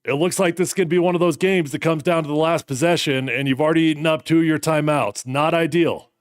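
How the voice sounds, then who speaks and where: A man in his thirties hosting a live watch party, reacting to a football game with animated, fired-up commentary. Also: fairly high pitch, a little fast, clear, resonant tone, no echo, studio quality. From United States.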